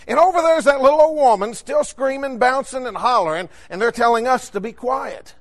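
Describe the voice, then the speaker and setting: A man's voice: extremely high pitch, a little fast, hardly any pauses. A man preaching a sermon, telling a street-preaching story in a rising, emphatic storytelling cadence.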